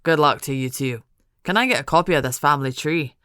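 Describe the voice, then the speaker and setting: A woman's voice: low-pitched, quick pace, fairly bright tone, clean tone, no echo, clean studio sound. A woman voicing a wry, jovial older Scottish grandfather with a joking manner.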